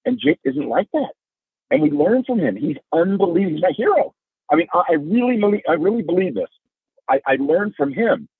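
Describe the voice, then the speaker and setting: His husky voice swings widely in pitch as he speaks briskly, with no echo, over a dry phone-like remote line. This middle-aged man, a podcast guest whose son has epilepsy, tells about family life with earnest, emphatic storytelling that rises in pitch when he's moved.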